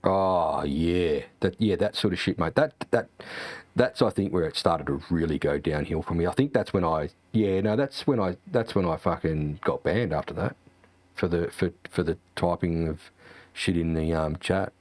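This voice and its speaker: A deep-voiced man ranting in a relaxed, chatty way, swearing freely and leaning on "you know" and "like". The sound is dry and close, with no room around it. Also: moderate pace, no echo. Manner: profane, ranting, lots of swearing and fillers. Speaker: sim racing streamer. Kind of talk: casual chat.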